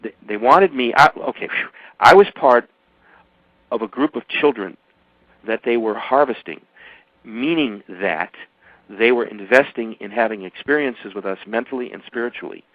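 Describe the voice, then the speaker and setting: An older man holding forth as a radio guest, emphatic and rambling, his voice leaping up in pitch and then dropping low. The sound is dry and close, with a dull, muffled top end, like an old radio broadcast. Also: moderate pace, no echo. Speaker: author and guest. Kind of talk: radio interview.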